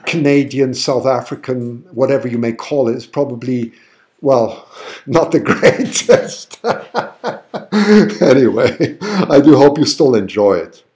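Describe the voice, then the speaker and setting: A man's voice: mid-range voice, measured pace, darkish tone. A man with a German-tinged accent hosting a live stream, chatting enthusiastically and reading out viewer comments. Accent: German-tinged English. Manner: enthusiastic, chatty, exclaims often. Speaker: livestream host and photographer. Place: home, then outdoors at night.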